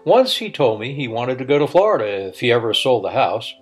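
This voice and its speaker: A middle-aged man reads his own story aloud in a reflective, unhurried voice at a middle pitch. When he quotes himself, he stammers and halts. Soft music plays faintly behind him. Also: big pitch swings, breathy edge. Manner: reflective, with a halting, stammering delivery. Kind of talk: reading a personal story.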